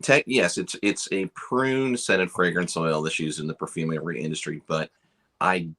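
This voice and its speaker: A man's voice: low-pitched, steady tone, normal speed, sharp tone. A man who owns the company, joining a casual livestream to explain his products. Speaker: company owner guest.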